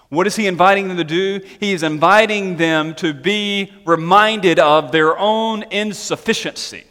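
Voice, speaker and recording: A man preaching a sermon, animated and emphatic, mixing scripture reading with chatty asides and questions to the congregation. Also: sits high. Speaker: pastor. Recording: long hall reverb.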